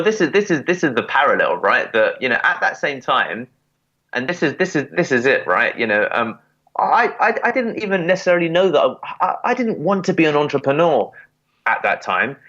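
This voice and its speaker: A man's voice: fairly high pitch, very animated, a little fast, pushed and bright, lo-fi sound. A man in his thirties from England, a podcast guest telling his story casually with many repeats and restarts. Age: 30s.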